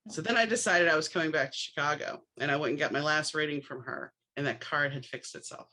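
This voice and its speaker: Speaking fast in a low-pitched voice, this podcast host from New Orleans, USA, chats through her stories casually. She performs the dialogue herself and keeps up a running stream of wry comments.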